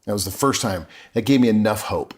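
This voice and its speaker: A man's voice: on the low side, a little fast, a little mellow. A middle-aged man, a podcast guest, telling his personal story in an earnest, openly emotional way with frequent restarts.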